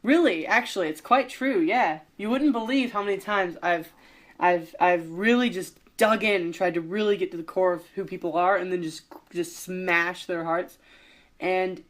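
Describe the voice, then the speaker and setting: A young man co-hosting a casual podcast speaks at a moderate pace in a high, slightly bright voice. He rambles through an improvised story, joking, restarting, and using lots of fillers.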